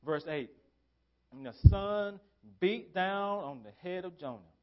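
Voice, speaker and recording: Man, pastor, church sermon, emphatic, repeats phrases, slightly high voice, muffled lo-fi audio. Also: lively intonation, a little slow. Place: church sanctuary.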